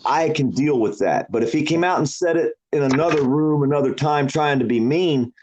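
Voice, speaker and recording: A man from Florida in a rowdy casual chat, talking slowly and profanely and mocking himself. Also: fairly high pitch, a little mellow, highs cut off, a little hiss or hum. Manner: profane, self-mocking, slow drawl.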